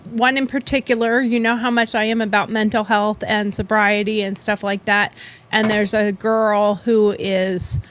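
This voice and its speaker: A woman's voice: fairly high pitch, fairly bright tone. A woman hosting a casual talk show, chatty and blunt, often laughing. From western United States. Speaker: podcast host. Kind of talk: casual chat.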